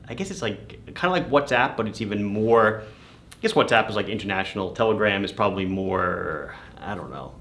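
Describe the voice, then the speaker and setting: Brief: amused male shop-owner host, slightly low voice, casual story to camera. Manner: chatty, amused, laughs while telling the story.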